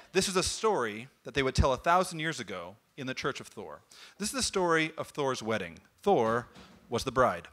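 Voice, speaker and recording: A man giving a comic storytelling talk, in an animated and playful way. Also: medium pitch, normal speed. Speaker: speaker at a nerd talk night.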